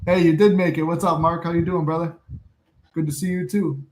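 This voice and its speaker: A man's voice: fairly high pitch, fairly even intonation, fairly quick, darkish tone, roomy sound. A man hosting a casual live chat who jokes, laughs often and acts out movie scenes. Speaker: podcast host.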